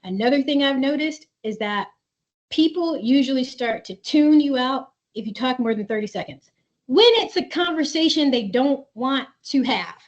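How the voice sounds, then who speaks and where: A woman's voice: high-pitched, animated, moderate pace, highs cut off. A woman therapist leading a webinar for parents, talking in an earnest, conversational way and reading chat comments aloud. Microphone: video call.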